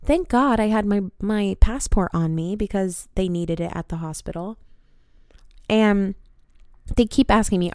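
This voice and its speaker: A young woman in her twenties hosting a podcast, telling a story in an animated way with frequent swearing. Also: medium pitch, measured pace, no echo, clean studio sound. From United States. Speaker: podcast host. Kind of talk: casual storytelling.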